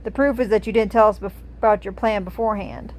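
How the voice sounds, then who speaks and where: A gruff male warrior who trusts no one, as a woman reads his part. He speaks bluntly and drips sarcasm, sometimes slowing down to drive a point home. A plain storybook reading voice. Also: mid-range voice, fairly even intonation, close to an everyday voice. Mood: suspicious.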